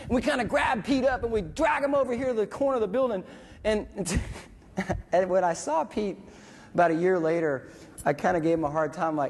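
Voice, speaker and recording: A man and military veteran telling a story to an audience, animated and acting out dialogue and sound effects. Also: sits high, a little fast, husky. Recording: long reverb from a hall.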